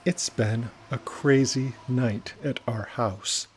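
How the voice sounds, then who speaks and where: A man's voice: medium pitch, expressive, unhurried, darkish tone, a little hiss or hum, close to an everyday voice. A man voicing a young girl who is her friend's angry best friend, speaking in an icy, clipped way.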